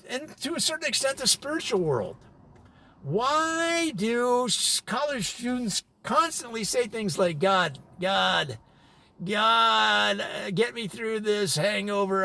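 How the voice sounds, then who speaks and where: A man's voice: sits high, creaky, sharp tone. A man hosting a parody spotlight, rambling with mock authority and chuckling at his own tangents. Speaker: comedic presenter. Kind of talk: improvised deadpan parody spotlight.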